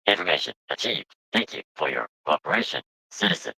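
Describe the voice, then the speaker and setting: A man's voice: a bass voice, lively intonation, fairly quick, gravelly, sharp tone, breathy edge, no room sound, exaggerated voice, low-quality recording. A man voicing a formal, polite robot companion through a robot voice modulator, speaking in clipped machine phrases. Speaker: player. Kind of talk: voicing a character in a tabletop game.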